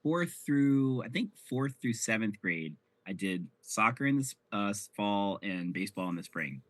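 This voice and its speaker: A man's voice: fairly low pitch, lively intonation, normal speed, fairly bright tone. A man in his forties co-hosting a podcast, chatting casually and teasing with frequent laughs. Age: 40s. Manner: laughing, teasing, calls his friend "honey". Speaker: podcast co-host. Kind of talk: casual chat recapping a sitcom episode.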